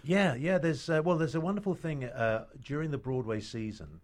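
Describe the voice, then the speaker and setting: A man's voice: fairly high pitch, expressive, normal speed. A middle-aged British man, an actor guest, telling stories in casual chat with many restarts and fillers. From Britain.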